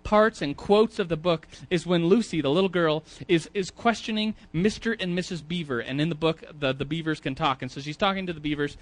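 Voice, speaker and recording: A man's voice: on the high side, fairly quick, few pauses. A man teaching a Sunday school class in a church, talking casually, often repeating words and asking the audience questions. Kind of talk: casual sermon.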